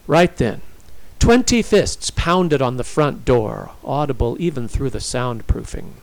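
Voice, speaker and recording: A man narrating a story in a dramatic, expressive reading style. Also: medium pitch, measured pace, vocal fry, poor audio.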